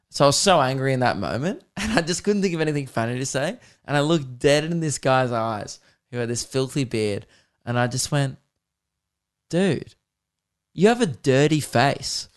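A man's voice: fairly high pitch, smooth. An Australian man in his twenties hosting a podcast, telling rambling, profane comic stories in a casual chat. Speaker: podcast host.

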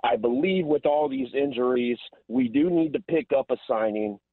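A man's voice: mid-range voice, normal speed, no room sound. A man calling in to a sports radio show, trash-talking brashly with theatrical swings in his voice, over a phone line. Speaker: caller. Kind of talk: excited fan call on phone line.

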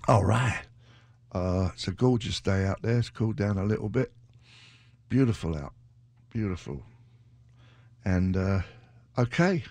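A man's voice: lively intonation, a little slow, pauses often, dry recording. A man, chatting casually as a radio DJ between songs, rambling and joking. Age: 60s. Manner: rambling, joking, drops into a sudden high shouting bit. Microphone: studio microphone.

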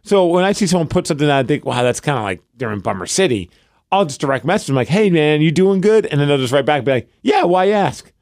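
A man's voice: medium pitch, very fast, dry recording. Male podcast co-host, 30s, loose rambling storyteller, dry studio sound. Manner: rambling, animated storytelling with many fillers. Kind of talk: casual chat.

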